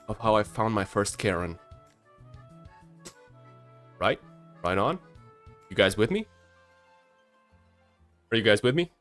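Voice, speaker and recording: A man in his early twenties, a streamer casually telling a story, shy and prone to stammering. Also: on the low side. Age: early 20s. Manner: shy and stammering, with a swinging, lively delivery.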